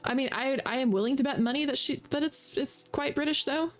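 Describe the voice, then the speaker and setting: A woman's voice: high-pitched, a little fast, soft background music. A woman streamer giving playful, chatty commentary while she plays a video game. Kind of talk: casual gameplay commentary.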